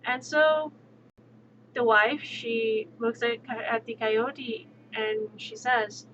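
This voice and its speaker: A woman streamer telling folk stories casually, slow and thoughtful with many fillers. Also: on the high side, steady tone, dull audio, background noise. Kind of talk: casual storytelling.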